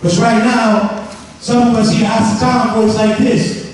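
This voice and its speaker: A high-voiced man preaches in a large worship hall, leading his congregation in call and response and slipping into comic voices to make a point. He stands well back from the microphone, and his words ring out with long, booming reverb. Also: little pitch movement, a little slow, darkish tone, a little hiss or hum. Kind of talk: sermon. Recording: echoey hall from far off.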